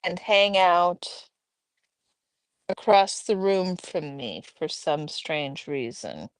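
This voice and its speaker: A woman hosting a casual livestream at home, chatting and reading out viewers' messages in a relaxed way. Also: fairly low pitch, slow, clear, resonant tone, dry recording. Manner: relaxed, reads chat aloud, chatty asides. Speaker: livestream host. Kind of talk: casual chat with live chat.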